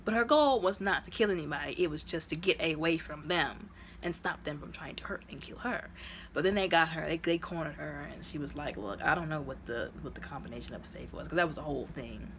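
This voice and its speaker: A woman's voice: deep voice, fast, a little hiss or hum. Chatty woman retelling a movie plot. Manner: chatty, acts out the characters' lines, many "like" fillers. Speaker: movie reviewer.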